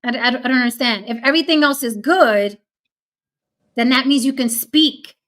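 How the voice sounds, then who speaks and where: A woman's voice: high-pitched, normal speed, fairly bright tone. A woman hosting a casual chat, teasing her co-hosts playfully. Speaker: podcast host.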